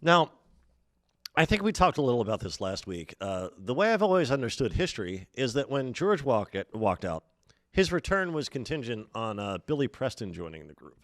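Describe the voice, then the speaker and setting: A man co-hosting a podcast in casual chat, talking thoughtfully and hedging, with many "uh" and "um" pauses. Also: mid-range voice, very animated, a bit bright, no room sound, clean studio sound. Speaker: podcast co-host.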